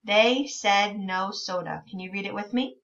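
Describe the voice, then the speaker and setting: A woman teacher leading a reading lesson for young children, encouraging them and reading words out very slowly. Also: mid-range voice, a bit bright, recorded from a distance. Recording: dull lo-fi sound from a bit away from the mic.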